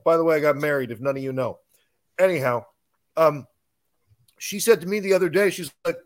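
A man's voice: on the high side, fairly quick. A married man co-hosting a podcast, talking in an emphatic, sarcastic way in casual chat. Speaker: podcast co-host.

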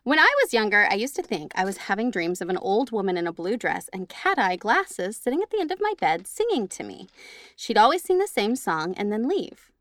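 Blunt, teasing woman with a lively voice. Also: mid-range voice, brisk, dry recording. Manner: blunt, teasing, swears freely. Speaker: podcast co-host reading listener stories. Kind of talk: casual chat and story reading.

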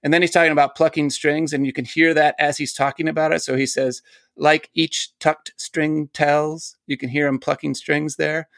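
A man's voice: on the high side, flat delivery, quick pace, vocal fry, hardly any pauses, fairly bright tone, dry recording. A man, a poet and teacher, talks as a guest in an interview and explains ideas eagerly, laughing often. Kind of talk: casual interview talk.

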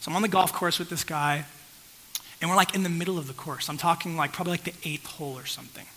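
Bright-voiced man preaching a story. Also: fairly high pitch, fairly even intonation, quick pace, slight background noise, poor audio. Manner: conversational storytelling, checks in with the audience. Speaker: pastor. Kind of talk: sermon.

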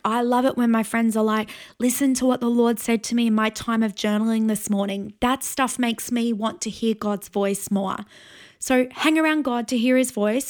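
Woman pastor, forties, earnest encouraging sermon, slightly high voice. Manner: earnest, encouraging, pauses to invite prayer. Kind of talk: teaching sermon.

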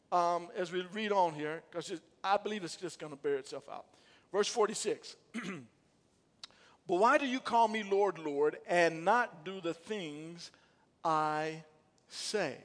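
High-voiced preaching pastor in a reverberant hall. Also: male voice, measured pace, a bit bright. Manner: call-and-response preaching, rising to emphatic bursts. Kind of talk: sermon. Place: church sanctuary.

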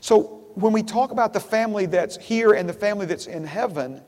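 A man's voice: high voice, fairly quick, darkish tone, long reverb tail. A man preaching a sermon as pastor to his congregation, repeating phrases and asking them questions. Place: church sanctuary.

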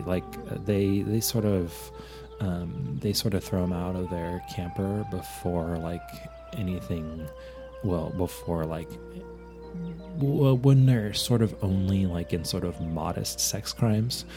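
A man reviewing a movie in a comic, rambling monologue, holding a low, put-on sultry persona voice with many fillers. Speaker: podcast film reviewer.

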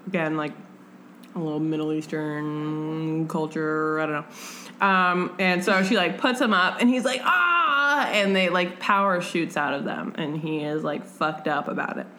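A young woman co-hosting a casual book chat, lively and animated, acting out characters in quick voices and swearing freely. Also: sits low. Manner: swearing, lots of "like". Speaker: podcast co-host.

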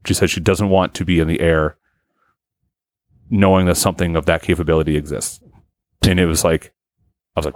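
Deep-voiced man telling a rambling story. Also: flat delivery, brisk, pauses often, dry recording, clean studio sound. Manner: rambling, profane, storytelling with many restarts. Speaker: podcast co-host. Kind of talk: casual chat.

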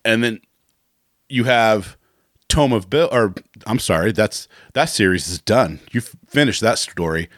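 A man's voice: on the low side, lively intonation, a little slow, fairly bright tone, no room sound, studio quality. A man hosting a podcast in a casual, rambling way, often laughing and restarting his sentences. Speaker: podcast host.

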